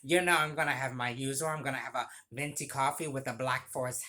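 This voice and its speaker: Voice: mid-range voice, steady tone, sharp tone, natural voice. Narrator doing a gushing flamboyant older man. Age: 50s. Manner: sing-song, drawn-out gushing greetings.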